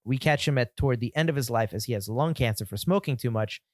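A man co-hosting a film podcast, calmly summarizing a plot in casual chat. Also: mid-range voice, fast, no room sound. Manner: easygoing, laughs often, steady explaining. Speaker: podcast co-host.

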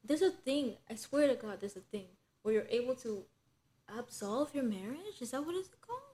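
A woman's voice: fairly high pitch, lively intonation, normal speed, dark tone. A young woman co-hosting a casual podcast chat, talking loosely with lots of "like" fillers and thinking aloud. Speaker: podcast co-host.

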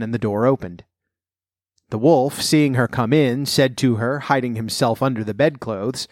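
Measured male fairy tale reader. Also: medium pitch, no room sound, clean studio sound. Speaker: narrator.

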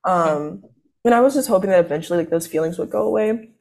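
Her pitch sits fairly low, and she talks fast with vocal fry and a slightly mellow quality. She's a young college student spinning a lengthy, rambling tale in casual chat, full of filler words and self-interruptions.

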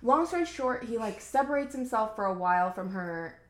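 A woman's voice: fairly high pitch, lively intonation, moderate pace, reverberant. A woman co-hosting a podcast, casually recapping a book in a chatty, rambling way with lots of "like.". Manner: chatty, rambling, heavy use of "like". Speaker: podcast co-host.

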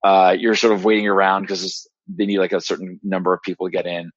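A man telling a long, excited story as a podcast guest, rambling with many fillers and restarts. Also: sits low, fast, husky, dry recording. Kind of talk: casual storytelling monologue. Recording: dry, slightly dull lo-fi podcast audio.

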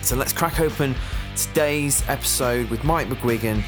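A man's voice: mid-range voice, moderate pace. A man hosting a podcast, reading chatty plugs and promos with a lot of ums before an interview. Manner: chatty, upbeat plugging, filler-heavy. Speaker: podcast host. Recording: guitar music playing behind.

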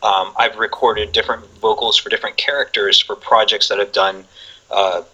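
A man's voice: on the low side, fairly even intonation, moderate pace, pushed and bright, breathy edge, lo-fi sound. A man in his forties, a guest on a casual chat show, rambling and laughing often between many fillers. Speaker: podcast guest.

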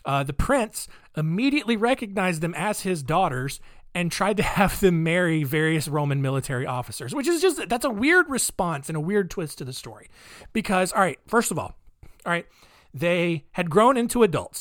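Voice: medium pitch, very animated, moderate pace, a bit bright, dry recording, studio quality. A comedy podcast host retelling saint stories in a sarcastic, rambling way, with many fillers.

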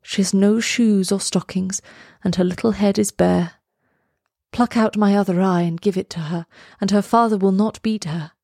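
A woman reading aloud voices a gentle, sorrowful male statue prince in a soft, solemn, measured tone. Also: mid-range voice, fairly even intonation, creaky, no room sound, studio quality.

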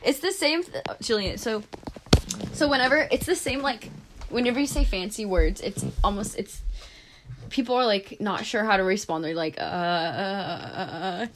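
A young woman co-hosting a casual chat podcast, animated and often laughing or mimicking others. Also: fairly high pitch, moderate pace, slight background noise. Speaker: podcast co-host.

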